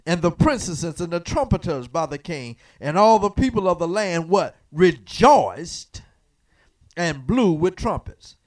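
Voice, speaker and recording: A man preaches in a sanctuary, teaching from the Bible call-and-response style. His voice sits high and swings widely in pitch. He teases the congregation and keeps prompting them to answer. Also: big pitch swings, a little slow. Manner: asks the congregation to fill in words, teasing and preacherly. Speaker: pastor. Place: church sanctuary.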